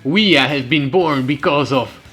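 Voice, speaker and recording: A man's voice: mid-range voice, measured pace, a bit bright, soft background music, natural voice. A man putting on a smug, pedantic atheist man, condescending and drawn out.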